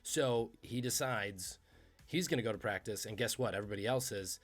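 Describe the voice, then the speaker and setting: A man hosting a podcast, telling trivia stories in a casual, animated, conversational way. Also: on the low side, brisk. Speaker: podcast host.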